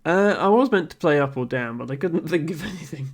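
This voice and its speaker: A man streams a word game and chats casually with viewers, dry and amused, thinking aloud with soft chuckles and ums. His voice is a little high, expressive, brisk, and gravelly.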